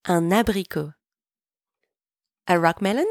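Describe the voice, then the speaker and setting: A woman teaching a podcast French lesson, pronouncing each word slowly and clearly so listeners can repeat after her. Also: on the low side, dry recording, clean studio sound. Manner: clear, slow, deliberate pronunciation for repeating. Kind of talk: podcast language lesson with repetition drills.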